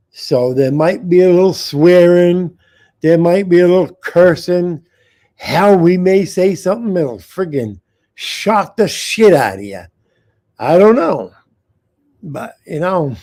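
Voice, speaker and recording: A man's voice: high-pitched, lively intonation, slow pace. A man hosting a live uncensored show, ranting with heavy swearing and calling out to viewers in the chat. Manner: loud, profane, talks straight to the chat. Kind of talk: profane live-stream rant.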